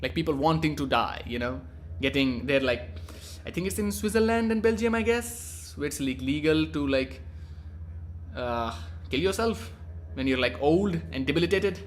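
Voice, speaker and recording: A man's voice: on the high side, lively intonation, moderate pace, a little hiss or hum. A young man from India rambling casually through a profane, cheeky monologue as a vlogger.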